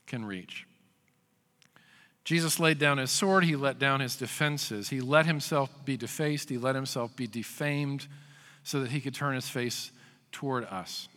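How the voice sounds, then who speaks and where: Male pastor, sermon delivery, bright, slightly high voice, swings from loud to hushed, long hall reverb. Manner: storytelling, shifting from loud acted quotes to hushed emphasis.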